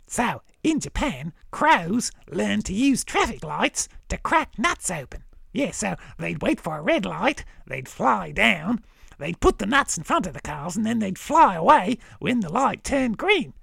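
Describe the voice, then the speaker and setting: Man playing a gravelly fake-Australian crow, slangy and chummy. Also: high-pitched, big pitch swings, a little slow, fairly bright tone, dry recording, clean studio sound, pitched above the performer's own voice, full character voice. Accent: put-on Australian. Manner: chummy, slangy, keeps saying the host's name. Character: cheery fake-Australian orange crow, male.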